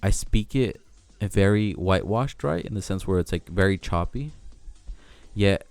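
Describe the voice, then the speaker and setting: A young man with a deep, low voice and a Mexican American accent talks loosely to his audience. He rambles and cuts off his own sentences, dropping casual swears, with faint music playing underneath. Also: expressive, measured pace, gravelly, a little mellow, no echo. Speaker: vlogger.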